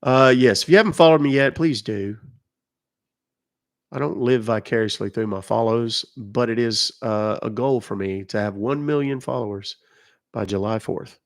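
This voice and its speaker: Gravelly-voiced man hosting a live stream. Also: medium pitch, moderate pace. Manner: chatty, reads out chat comments, explains rules. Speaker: livestream host. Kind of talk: casual live-stream chat with viewers.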